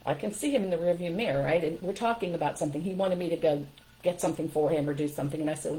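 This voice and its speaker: A woman's voice: low-pitched, rapid-fire, mellow, poor audio. An older woman giving firm, emphatic parenting advice straight to her viewers in a casual livestream talk.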